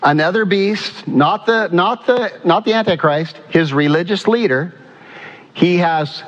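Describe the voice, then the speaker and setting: A pastor preaching a sermon to a congregation, reading scripture aloud and asking the people questions. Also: male voice, high voice, unhurried. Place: church sanctuary. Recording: dull sound in a reverberant church hall.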